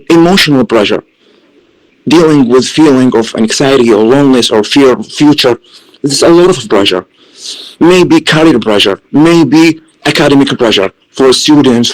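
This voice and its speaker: A man in a group discussion who lists points hesitantly, often repeating words and pausing with fillers. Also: mid-range voice, low-quality recording. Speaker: workshop participant.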